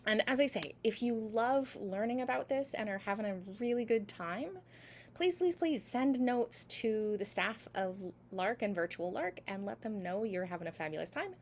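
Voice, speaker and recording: A woman's voice: a little high, expressive, moderate pace, slight background noise. A woman teaching a singing class over a video call, patiently sounding out each syllable for her students. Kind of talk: online class instruction.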